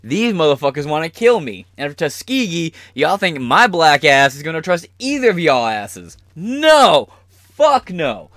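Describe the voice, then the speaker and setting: A man's voice: on the high side, sing-song, moderate pace, few pauses, fairly bright tone, no room sound, studio quality, pitched above the performer's own voice. A man doing an impression of a brash male athlete who curses and refuses to trust officials. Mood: defiant. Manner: profane, emphatic.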